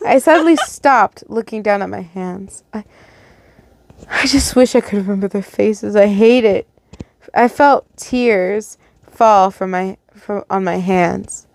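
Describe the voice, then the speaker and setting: A woman's voice: mid-range voice, takes it slowly, vocal fry, darkish tone, no room sound. Woman reading a story aloud, stumbling. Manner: stumbling reading with self-corrections and casual asides. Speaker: fan fiction reader.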